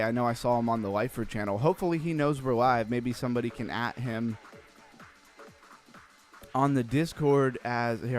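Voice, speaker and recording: A man hosting a casual crypto livestream, chatting loosely, reading out chat messages and trailing off into low mumbles. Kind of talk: casual live-stream chat.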